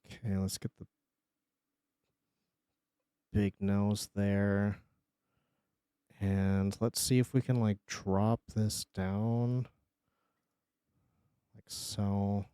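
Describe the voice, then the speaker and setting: A man streaming live, chatting casually and joking as he reacts, laughing often and breaking into excited bursts. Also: on the low side, extremely slow, pauses often, clean tone, dry recording, clean studio sound. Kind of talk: casual live-stream commentary while drawing.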